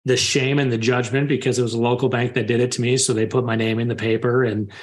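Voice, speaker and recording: A man in his thirties, a podcast guest, openly telling a personal story and getting animated as he retells scenes. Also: mid-range voice, quick pace. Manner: open, confessional, animated when retelling scenes. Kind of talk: candid storytelling.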